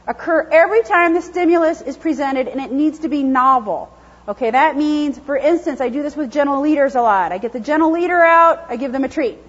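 High-voiced female dog trainer, lively classroom lecture, dull lo-fi recording. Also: brisk. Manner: lively, chatty, acts out dogs' thoughts in silly voices.

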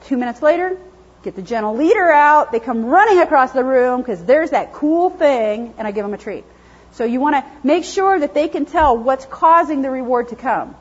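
A woman's voice: high voice, normal speed, breathy edge. Chatty woman teaching about dog behavior. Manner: lively, chatty, acts out dogs' thoughts in silly voices. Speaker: dog behavior trainer and lecturer. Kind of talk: lecture to a class. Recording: dull, lo-fi classroom recording.

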